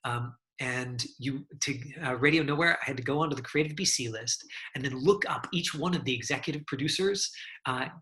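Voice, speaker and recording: A man's voice: medium pitch, a little fast, pushed and bright. A man teaching an online acting class over a video call, talking in a loose, chatty way full of fillers and restarts.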